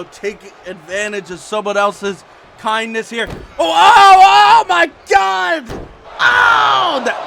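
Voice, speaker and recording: Wrestling commentator, man, slow deliberate pace with sudden shouting bursts, noisy crowd behind. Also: extremely high pitch, vocal fry. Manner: shouting, excitable, swings between calm calls and loud outbursts. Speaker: play-by-play commentator. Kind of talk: excited wrestling commentary over a video game. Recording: loud crowd and noise behind the voice. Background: game crowd ambience.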